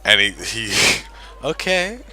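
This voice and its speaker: A man's voice: fairly low pitch, big pitch swings, slow pace, sharp tone, a little hiss or hum. A man, narrating a tabletop game as game master in a rambling way and laughing often.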